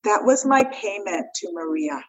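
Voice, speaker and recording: A woman's voice: high-pitched, very animated, a little slow, gravelly, husky, poor audio. A woman guest on a podcast, telling a heartfelt personal story and acting out the voices of the people in it. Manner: heartfelt, acts out the quoted voices.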